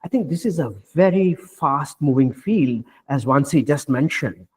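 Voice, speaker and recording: A man speaking as a panelist at a virtual roundtable, explaining AI safety in a measured way with many fillers and restarts. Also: fairly high pitch, lively intonation, slightly rough. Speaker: panelist, AI researcher. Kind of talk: panel discussion remarks. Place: virtual roundtable, video call.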